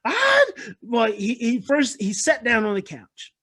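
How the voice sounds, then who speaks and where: A man's voice: extremely high pitch, measured pace. Earnest man telling a parenting story. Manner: earnest, repetitive, explains calmly. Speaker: speaker on parenting and attachment. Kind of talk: lecture with personal story.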